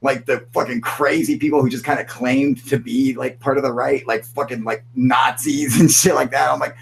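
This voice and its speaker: A man's voice: medium pitch, fast, gravelly, hardly any pauses, a little hiss or hum, low-quality recording. A young man hosting a casual livestream chat, rambling and swearing constantly, calling everyone dude. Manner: profane, rambling, frequent "dude" and laughter. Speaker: host.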